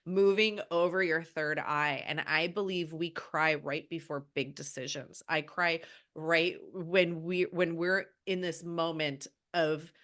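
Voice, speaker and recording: A woman's voice: low voice, steady tone, slow pace, a bit bright. A woman guest on a podcast, an animal healer, talking earnestly and from the heart, often restarting her sentences. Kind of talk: casual podcast conversation.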